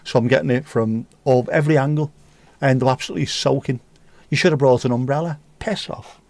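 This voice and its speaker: A man hosts a relaxed livestream, rambling through jokey anecdotes and casual swearing. His voice sits at an ordinary middle pitch. The recording is dry and close, with no room echo. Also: fast, creaky. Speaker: livestream host.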